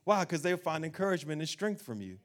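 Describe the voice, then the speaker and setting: A man preaching an animated sermon as pastor, acting out doubting voices and laughing along the way. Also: on the high side, fast talker.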